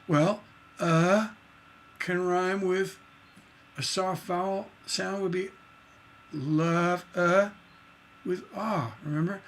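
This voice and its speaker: A man's voice: sits high, takes it slowly, creaky, long pauses, a bit bright, a little hiss or hum. A man teaching songwriting on a livestream, enthusiastic and singing rhythm syllables to show his points. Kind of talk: livestream lesson.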